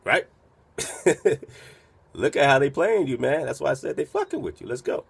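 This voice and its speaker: A man's voice: mid-range voice, very animated, fast, creaky, breathy edge. A man hosting a radio talk, giving preachy, profane commentary over a played recording and peppering it with rhetorical questions. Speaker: radio host.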